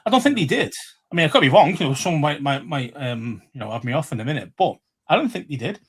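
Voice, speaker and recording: A man's voice: fairly high pitch, big pitch swings, fast talker, breathy edge. A man with a Liverpool Scouse accent, co-hosting a casual sports podcast, rambling and swearing freely with many fillers. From England. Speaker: podcast co-host.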